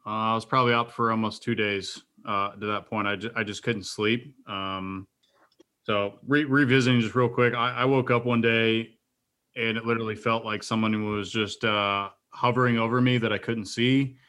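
A man speaks as a podcast guest, telling his story in an earnest, halting way with frequent restarts. His tone is bright and forceful, set a little low. He sounds like a military veteran opening up. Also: steady tone. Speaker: guest sharing a personal story.

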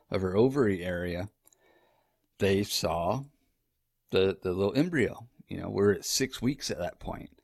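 A man's voice: sits low, dry recording, clean studio sound. A young man telling a rambling, profane story about his wife in a casual, conversational way.

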